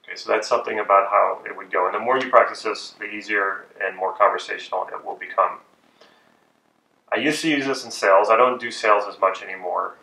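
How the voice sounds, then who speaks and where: A man teaching persuasion techniques in a measured, deliberate way with pauses. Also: lowish voice, creaky, pushed and bright. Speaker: persuasion and hypnosis instructor. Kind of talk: instructional talk. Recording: echoey room, distant from mic.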